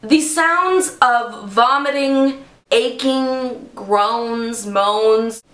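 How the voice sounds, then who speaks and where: A woman vlogger telling a story to camera in a dramatic, animated way. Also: fairly high pitch, drawn-out words. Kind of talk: storytime vlog. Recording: echoey room.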